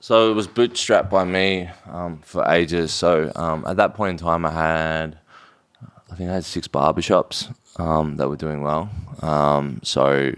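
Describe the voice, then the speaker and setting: A man's voice: a bass voice, fairly even intonation, a little slow, smooth. A man from Australia telling his business story in a casual podcast chat, rambling, with slang and swearing. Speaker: guest, drinks brand founder.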